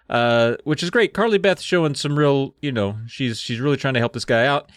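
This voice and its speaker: A man co-hosting a comedy podcast, retelling a story with lively delivery. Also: mid-range voice, fairly quick, hardly any pauses, no echo, studio quality. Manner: animated, laughing storyteller. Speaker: podcast co-host.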